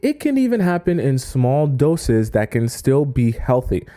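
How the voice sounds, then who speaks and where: A man's voice: medium pitch, big pitch swings, a little slow, warm tone. A man coaching on dating in a casual lecture, often checking in with "right?" and acting out quotes. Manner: acts out quoted voices.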